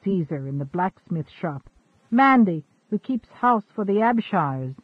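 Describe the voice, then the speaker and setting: A man playing a calm, pious Quaker farmer who speaks courteously in old thee-and-thou phrasing. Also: high-pitched, a little slow, breathy edge, no echo, phone-quality sound, heavily acted.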